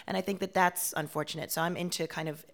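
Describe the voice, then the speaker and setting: A woman from Washington, D.C., a performer being interviewed on the radio, who talks in an animated, chatty way. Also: lowish voice, fast. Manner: animated, talkative, with frequent "you know" fillers. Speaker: performer and guest.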